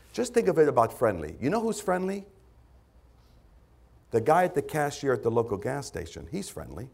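Male pastor, conversational sermon with lively pitch, acts out quotes. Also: vocal fry. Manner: lively, conversational preaching with sudden loud put-on voices.

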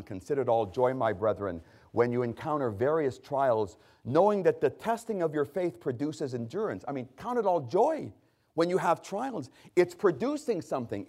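A man preaching a sermon with emphatic, drawn-out stresses, asking the congregation questions and answering them himself. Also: mid-range voice. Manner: lively, emphatic delivery with rising, drawn-out stresses.

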